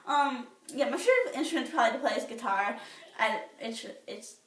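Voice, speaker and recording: Bubbly teen girl rambling on, kinda high pitched, sounds far from the mic. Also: animated, a little fast, a bit bright. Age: teens. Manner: rambling, bubbly, many fillers and restarts. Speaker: vlogger. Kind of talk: casual chat. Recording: echoey room, somewhat far from the mic.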